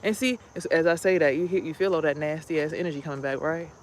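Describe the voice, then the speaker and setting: A woman vlogging as a spiritual healer rambles bluntly through her stories in a casual, profane way. Her voice is low and quick, with slight background noise.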